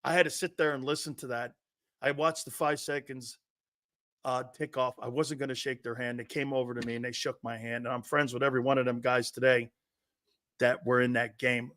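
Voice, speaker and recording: An older man, a former college football player, co-hosting a sports talk show and telling stories with loud acted-out quotes and plenty of swearing. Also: mid-range voice, fairly quick, no room sound. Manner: excitable, profane, acts out quotes loudly. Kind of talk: animated sports talk and storytelling.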